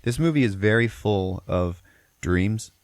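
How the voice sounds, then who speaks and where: Deep, gravelly, swearing podcast host. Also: male voice, expressive, measured pace, darkish tone, no room sound. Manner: profane, rambling storyteller. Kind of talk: casual movie recap.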